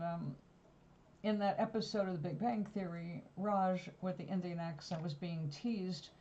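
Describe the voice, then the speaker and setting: Warm-voiced New woman rambling. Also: on the low side. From New York. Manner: rambling, digressive storytelling. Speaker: vlogger. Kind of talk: casual chat. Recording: slightly dull lo-fi recording.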